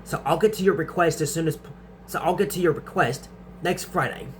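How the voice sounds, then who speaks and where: A young man with a slightly high voice answers viewer questions in a casual vlog. He stumbles, repeats words and restarts his sentences as he goes, over a faint steady hum. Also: a little fast. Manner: stutters and restarts sentences often.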